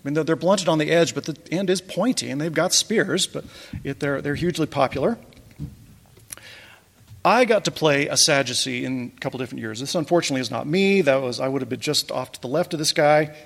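A man's voice: on the high side, a little fast, vocal fry, fairly bright tone, long reverb tail. A man giving a casual talk over slides, telling wry stories with chuckling asides. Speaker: presenter recounting a church pageant.

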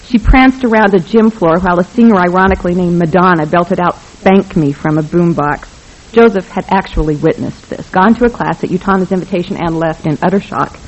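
A narrator reading a novel aloud in a wry, even manner. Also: mid-range voice, fairly quick, rough recording. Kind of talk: scripted audiobook narration.

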